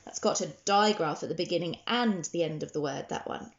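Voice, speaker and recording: A woman teaching a children's phonics lesson, sounding out words slowly and praising often. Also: fairly low pitch, highs cut off. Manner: slow, sounding out words letter by letter with encouraging praise.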